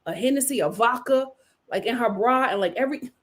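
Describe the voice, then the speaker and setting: A woman's voice: a little high, a little fast. A woman in her thirties giving casual live-stream commentary on a reality show, sassy and opinionated, laughing often. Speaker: reality TV reviewer.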